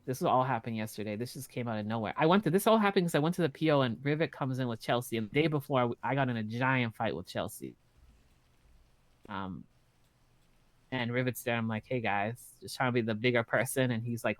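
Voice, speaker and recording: A man in casual in-character roleplay chat, blunt and profane, telling stories in an animated way. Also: mid-range voice, no room sound. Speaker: roleplay streamer.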